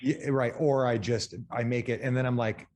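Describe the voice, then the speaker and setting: A man's voice: mid-range voice, flat delivery, moderate pace, darkish tone. A man co-hosting a podcast in casual chat, joking and swearing freely. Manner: joking, loose and profane. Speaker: podcast co-host.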